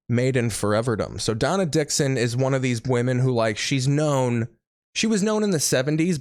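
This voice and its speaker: A man's voice: mid-range voice, no room sound, clean studio sound. A man hosting a comedy podcast, riffing sarcastically with a lot of swearing. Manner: profane, sarcastic. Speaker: podcast host.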